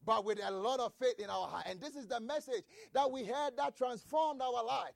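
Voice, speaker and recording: A man preaching a sermon, reading scripture and repeating key phrases with shouted emphasis. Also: very high voice, normal speed, creaky, few pauses, dry recording.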